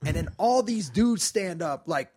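A man, a comedian, telling animated stories in casual chat and acting out the people in them. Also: high voice, a little slow, slightly rough. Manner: animated, acts out voices in anecdotes.

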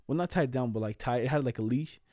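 A man's voice: mid-range voice, fast, dark tone, dry recording, studio quality. A young man telling stories in casual chat, slangy, laughing as he goes and swearing a lot.

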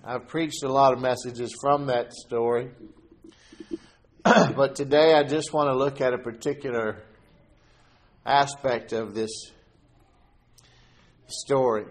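A man preaching a sermon as a pastor, reading scripture aloud and slowing down to stress key words. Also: medium pitch.

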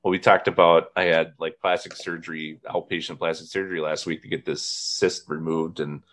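A man's voice: low voice, level tone, normal speed, fairly bright tone. A man in his thirties from northern Indiana, hosting a casual chat and telling rambling stories with frequent laughs. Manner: rambling storyteller, laughs often. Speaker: podcast host.

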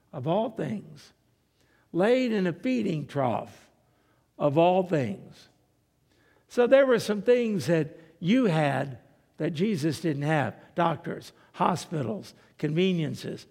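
A man preaching a sermon in a slow, dramatic style, dropping to a hush and rising for emphasis. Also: on the high side. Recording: long reverb of a large hall.

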